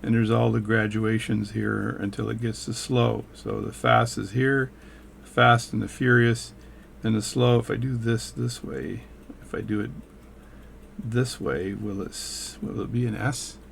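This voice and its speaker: Gravelly man explaining watch repair. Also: on the low side, steady tone, unhurried, slight background noise. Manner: rambling, hands-on explaining, self-mocking. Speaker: watchmaker and channel host. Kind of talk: casual workshop tutorial.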